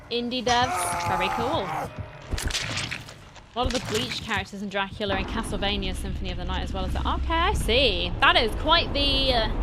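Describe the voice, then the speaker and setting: A woman chatting casually on a live stream while playing, answering her chat in a playful, slightly dramatic way. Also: medium pitch.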